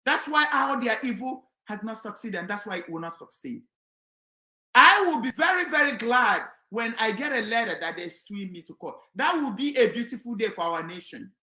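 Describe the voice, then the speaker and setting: A woman's voice: fairly high pitch, sharp tone, roomy sound, rough recording. A woman from Nigeria, giving a fiery, defiant political monologue that often turns to preaching. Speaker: political commentator. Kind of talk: impassioned monologue.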